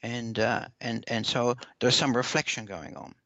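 A man answering interview questions in a measured, earnest way, often repeating words as he explains. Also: medium pitch, steady tone, pushed and bright, no echo. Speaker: parenting expert guest. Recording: dull lo-fi dry recording.

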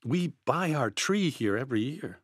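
A man's voice: mid-range voice, very animated, normal speed, no room sound, clean studio sound. A man voicing a middle-aged mother who pleads politely and turns stern when pushed. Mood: pleading. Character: worried mother, middle-aged woman, polite but firm.

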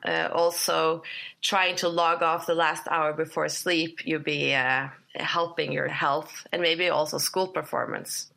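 A woman with a very low voice full of gravelly fry answers interview questions, pausing now and then with fillers. Her tone is bright and a little tense. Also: fairly even intonation. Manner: measured, hesitant with fillers. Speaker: researcher interviewed.

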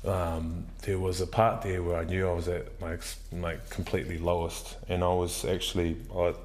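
Deep-voiced candid man in his forties. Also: little pitch movement, moderate pace, slight background noise. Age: 40s. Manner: candid, swears freely, rambling with many "like"s. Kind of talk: casual podcast conversation.

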